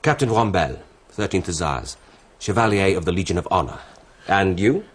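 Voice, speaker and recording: An actor playing a boastful, hearty French hussar captain in a radio drama, theatrical and quick to laugh. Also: male voice, deep voice, animated. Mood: genial.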